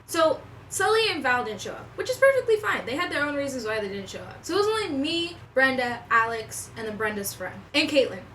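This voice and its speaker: A young woman vlogger telling a story in a casual, profane, animated way, with lots of slang. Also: high voice, brisk, distant mic, rough recording. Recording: voice a bit off-mic with faint room noise.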